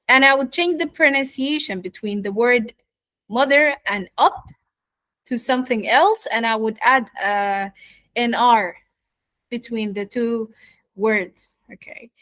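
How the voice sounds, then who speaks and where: A woman's voice: on the high side, slow pace, a bit bright, no echo. A woman coaching accents in an online course lecture, explaining step by step and speaking straight to her students. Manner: explanatory, addresses students directly.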